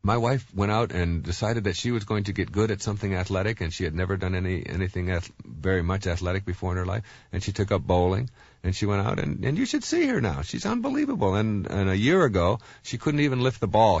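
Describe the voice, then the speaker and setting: A man in his fifties giving a motivational talk, telling stories with animated energy and repeating words and fillers as he goes. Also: low voice, fast, dry recording, muffled recording. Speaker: motivational speaker.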